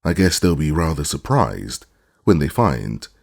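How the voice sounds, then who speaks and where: An earnest, polite young boy speaks sincerely in a raised, husky voice, as a man puts him on for an audiobook. The slightly gravelly tone keeps a lively lilt. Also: extremely low pitch, unhurried, heavily acted. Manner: earnest and pleading.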